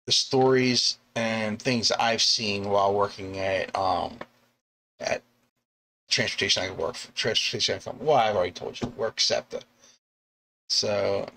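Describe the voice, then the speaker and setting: A middle-aged comic artist who also drives a bus chats casually about artwork on a live stream, his gravelly, slightly bright voice over faint background noise. He rambles, restarts, and chuckles, acting out quoted lines in sudden high yelps.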